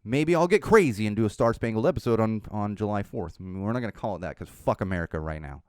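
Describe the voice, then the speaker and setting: A man's voice: on the low side, animated, fast talker, darkish tone, no room sound, clean studio sound. A man hosting a podcast, ranting bluntly about politics with lots of swearing, then signing off the episode. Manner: impassioned, blunt, swears freely. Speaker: podcast host. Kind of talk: political podcast rant and sign-off.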